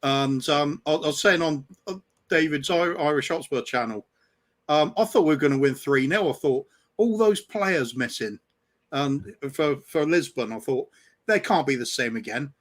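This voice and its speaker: Guest fan, male, somewhat high voice, blunt casual take on the match, swears. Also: moderate pace, a bit bright. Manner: frank, analytical, swearing. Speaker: guest fan on a watch-along stream. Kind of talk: casual football chat over a call.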